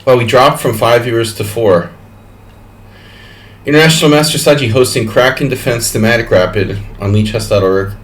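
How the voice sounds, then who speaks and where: A man's voice: medium pitch, moderate pace. A man hosting a chess tournament on a live stream, chatting casually and rambling through exasperated complaints with plenty of fillers.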